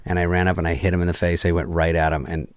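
Low-voiced man telling a wild story. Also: rapid-fire, no echo, studio quality. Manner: profane, animated, acts out quoted lines. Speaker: guest. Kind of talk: casual storytelling.

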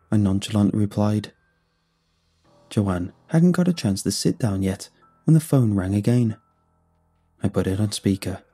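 A man narrating a first-person horror story in a measured storytelling manner. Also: fairly low pitch, dark tone, husky. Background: faint music.

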